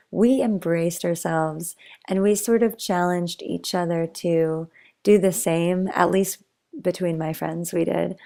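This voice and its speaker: A young woman narrates a meandering bedtime story in a chatty, rambling way, drifting into tangents. Her low voice has a gravelly, fry-tinged edge, and she keeps it soft, sometimes dropping almost to a whisper.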